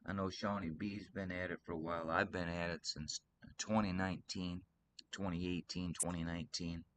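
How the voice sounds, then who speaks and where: A man's voice: deep voice, level tone, moderate pace, a bit bright, slight background noise. A man from Michigan hosting a casual livestream chat, rambling earnestly and teasing his co-host. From Michigan, USA.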